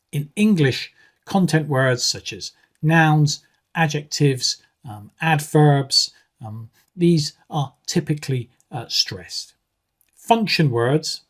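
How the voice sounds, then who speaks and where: A man teaching an exam-preparation lesson in a measured way, often pausing with um and uh. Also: medium pitch, slightly rough. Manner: measured, with frequent um and uh fillers. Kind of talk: explanatory video lesson.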